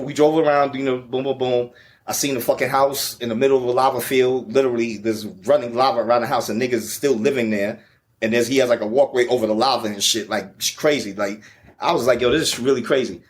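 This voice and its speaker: A man, the featured guest, telling a travel story in a casual, profane, slang-heavy way. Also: mid-range voice.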